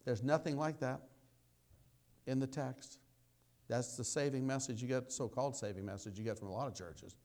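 A man preaching a sermon, telling a story in a folksy way, dropping to quiet asides and rising to loud exclamations. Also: medium pitch, steady tone, normal speed.

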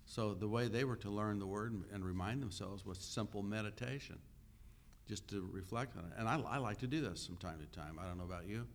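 Man, low voice, sermon, conversational teaching, frequent "uh" pauses. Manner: conversational, asks the listeners questions. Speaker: pastor.

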